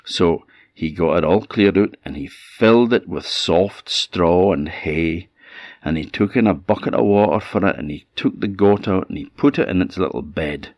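A man with an Orcadian Scottish accent telling a folk tale in a relaxed, conversational way. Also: low voice, moderate pace, no echo, studio quality. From Orkney, Scotland. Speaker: storyteller. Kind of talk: oral folk storytelling.

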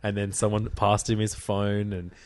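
Dry, low-voiced podcast host. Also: male voice, moderate pace, dry recording. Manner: rambling, animated storytelling with quoted voices. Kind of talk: casual podcast chat.

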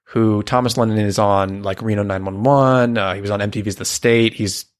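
A man with a somewhat low voice co-hosts a podcast in an easy, chatty way. He talks with enthusiasm and laughs often as he goes. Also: steady tone, moderate pace, clean tone. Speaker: podcast co-host. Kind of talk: casual chat about a cartoon.

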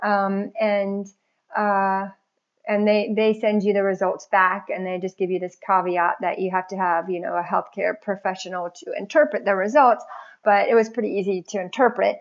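A woman telling her own story as a podcast guest in a chatty, animated way, often breaking into laughter. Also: mid-range voice, normal speed, dull audio. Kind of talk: casual personal story.

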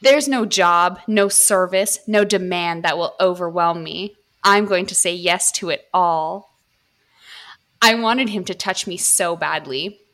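A woman podcast host reading erotic fiction aloud, steady in her reading and joking between passages. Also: on the low side, unhurried. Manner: reads steadily, breaks off to joke.

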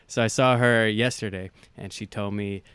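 A man's voice: lowish voice, moderate pace, clean tone, no echo. A man from Ireland, a comedian guest, telling stories in casual chat and acting out the people he quotes. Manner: animated, acts out quoted voices while telling stories.

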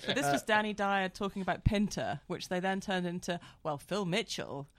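A woman with a mid-range voice in relaxed podcast chat. She tells anecdotes with plenty of giggles. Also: medium pitch, a little fast. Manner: giggly storyteller. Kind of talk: casual chat.

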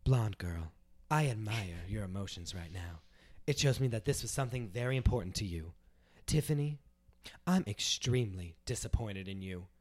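A man's voice: on the low side, animated, normal speed, voice pushed down. A man playing a female TV host who scolds a contestant in an impassioned monologue. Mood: stern.

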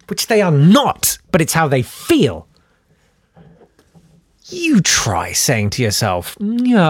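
A man hosting a casual podcast, animated and sardonic, often jumping into high mocking voices. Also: slightly rough, no echo. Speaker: podcast host. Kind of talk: casual solo podcast chat.

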